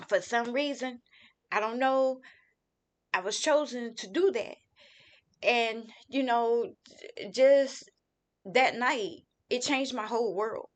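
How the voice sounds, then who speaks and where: A middle-aged woman giving a heartfelt personal testimony as a grieving mother, talking casually with many "you know" fillers. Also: fairly high pitch. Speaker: grieving mother telling her story.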